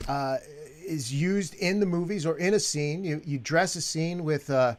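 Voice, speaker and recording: Halting man hosting an interview. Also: on the high side. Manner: halting, many restarts and fillers. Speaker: show host. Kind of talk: interview chat.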